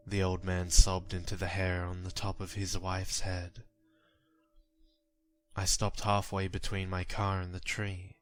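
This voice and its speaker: Deep, slow-spoken man narrating horror. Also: completely flat delivery, fairly bright tone. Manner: measured, grim storytelling. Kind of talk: scripted horror story narration. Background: faint music.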